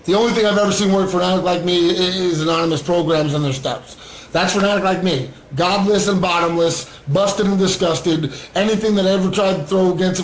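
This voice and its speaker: A man's voice: high-pitched, reverberant, poor audio. A man and recovering addict sharing his story in an earnest livestream monologue, often asking "right?". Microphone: webcam or phone on a screen.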